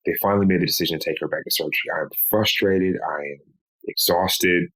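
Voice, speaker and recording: A man, a podcast guest, recounting a painful personal story in a slow, measured way. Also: low voice, a bit bright, low-quality recording. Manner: slow, measured telling with pleading quoted lines.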